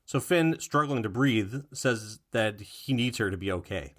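A man's voice: on the low side, unhurried. Guy cohosting a podcast, laid back, um-ing through an episode recap. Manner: relaxed, with filler words and restarts. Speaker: podcast co-host. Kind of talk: casual chat recapping a cartoon episode.

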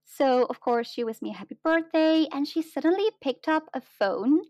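A young woman telling a story in casual chat, excited and chatty with many fillers. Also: high-pitched, normal speed, dry recording.

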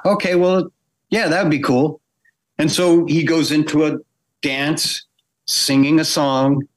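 A middle-aged man telling a long, lively anecdote as a guest in a podcast interview, acting out the voices of the people he quotes. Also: mid-range voice. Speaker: guest animator.

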